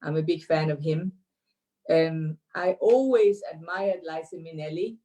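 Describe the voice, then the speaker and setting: A low-pitched woman in her sixties speaks English with a Danish accent. She talks over a video call, pausing often, and she fills her answers with "uh" and restarts. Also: mellow. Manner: hesitant, many fillers and restarts. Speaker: interview guest, dance teacher. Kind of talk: casual remote interview.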